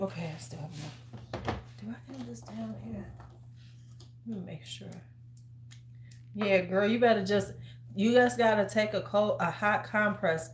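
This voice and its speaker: A woman's voice: mid-range voice, slight background noise. Chatty sassy woman in an echoey room. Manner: chatty, sassy, gives advice like a big sister. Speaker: host. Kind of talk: casual livestream chat. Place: large room at home. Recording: roomy echo.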